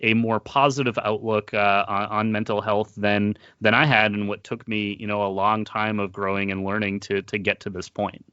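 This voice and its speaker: A man's voice: fairly low pitch, level tone, bright, forceful tone, smooth, no echo. Guy hosting a chat, earnest, lots of ums and restarts, dry muffled lo-fi audio. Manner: earnest, halting with many fillers and restarts. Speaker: podcast host. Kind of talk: casual interview chat.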